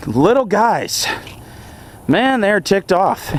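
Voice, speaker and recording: A young man in a casual self-help vlog monologue, earnest and animated, chuckling often as he talks. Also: high voice, extremely slow, a little hiss or hum. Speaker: vlogger.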